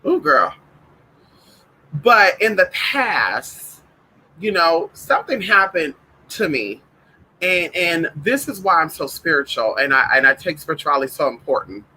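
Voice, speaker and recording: Effusive chatty man, bright voice. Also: on the high side, very animated, measured pace, husky, poor audio. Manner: effusive and repetitive, calls viewers "honey"; frank, with casual swearing. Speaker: spiritual reader hosting a livestream. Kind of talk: casual livestream chat with viewers.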